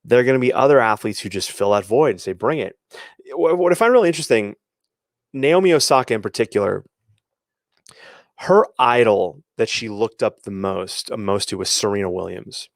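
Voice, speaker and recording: A man's voice: on the low side, lively intonation, normal speed, dry recording, studio quality. A man hosting a sports coaching show, giving emphatic opinions with many restarts and quoted asides. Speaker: podcast host and athletic coach. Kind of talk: opinionated solo commentary.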